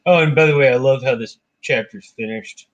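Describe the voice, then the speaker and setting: A man's voice: medium pitch, brisk, lo-fi sound. A man hosting a casual book discussion, retelling myths in his own words. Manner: animated retelling, voicing characters briefly.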